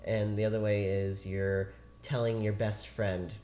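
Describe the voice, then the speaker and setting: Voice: low voice, level tone, a little slow, mellow, slight background noise. An actor as a guest, telling a long story in a chatty, rambling way during a casual interview. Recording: roomy echo.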